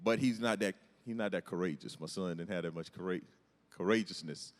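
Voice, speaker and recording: A man's voice: low voice, fairly quick. A middle-aged man, doing a self-deprecating stand-up comedy set in a large church hall. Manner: storytelling, animated, self-deprecating. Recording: hall reverb from a large venue.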